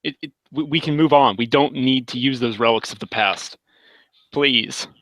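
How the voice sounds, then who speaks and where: A man's voice: mid-range voice, normal speed, fairly bright tone, no room sound. A man on a podcast panel ranting emphatically and with exasperation in casual talk. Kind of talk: casual chat.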